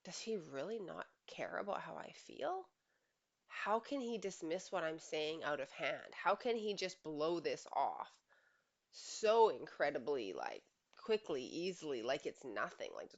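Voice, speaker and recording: A woman with a low voice coaching on relationships, speaking earnestly and emphatically to camera. She leans on rhetorical questions. The recording sounds a little dull and lo-fi. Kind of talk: direct-to-camera advice monologue.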